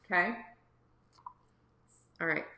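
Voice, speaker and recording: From her home kitchen, a woman hosts a live cooking lesson for kids, chatting warmly and encouraging the viewers. She takes her time, and her pushed, bright voice sounds reverberant through the phone or camera used for the livestream.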